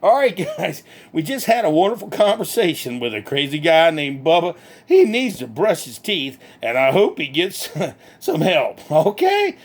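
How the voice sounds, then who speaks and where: A man's voice: fairly high pitch, very animated, unhurried. A man playing a bemused straight-man interviewer in a comic sketch, often breaking into laughter. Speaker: comedy interviewer.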